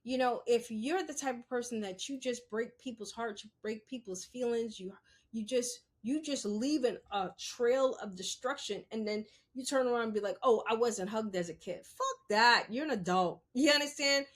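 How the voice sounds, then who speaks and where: A woman's voice: on the high side, normal speed. A woman hosting a podcast, talking unscripted to her listeners, blunt and profane, often asking "You understand?". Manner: blunt, profane, emphatic, talks straight to the listener. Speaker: podcast host. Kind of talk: unscripted solo commentary.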